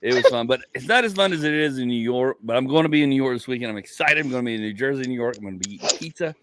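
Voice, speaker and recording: Animated man telling a rambling story. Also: very fast. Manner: animated, rambling storyteller who laughs at his own stories and jumps in pitch. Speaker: comedian and podcast host. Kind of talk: casual storytelling chat.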